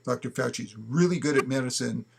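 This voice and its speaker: A man's voice: medium pitch, fast talker, creaky, slight background noise. A man giving an emphatic opinion talk, often checking in with "okay?" as he argues. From United States. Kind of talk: opinion commentary to camera.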